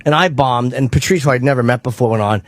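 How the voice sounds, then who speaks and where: A man's voice: mid-range voice, quick pace, no echo. A man telling a profane, blunt story as a guest on a radio talk show. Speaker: comedian guest.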